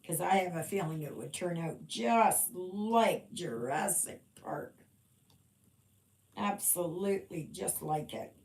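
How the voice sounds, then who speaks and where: A woman's voice: fairly low pitch, animated, takes it slowly, darkish tone. A woman hosting a live stream, chatting casually while she stitches and often mumbling half to herself. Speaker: livestream host. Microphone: livestream mic. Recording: echoey room.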